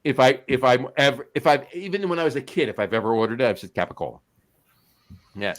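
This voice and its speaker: A man's voice: mid-range voice, expressive, fast talker. A man, co-hosting a podcast in casual chat, rambling with many restarts. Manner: rambling, full of restarts and fillers. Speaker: podcast co-host.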